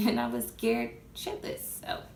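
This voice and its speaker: A woman's voice: extremely low pitch, a little slow. A woman casually telling a true ghost story in a candid way, swearing freely and talking straight to listeners. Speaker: guest storyteller. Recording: echoey room with steady background noise.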